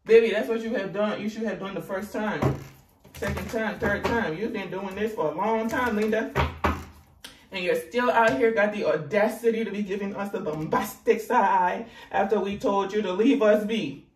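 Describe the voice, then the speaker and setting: A woman with a West African accent reading tarot cards in a lively, sassy way. Her voice swoops up and down as she teases and jokes. The recording sounds roomy and set back from the mic, with a faint hiss underneath. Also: moderate pace, far from the mic. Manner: sassy and animated, with big swoops in pitch and laughter. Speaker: tarot reader. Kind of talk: casual tarot reading to camera.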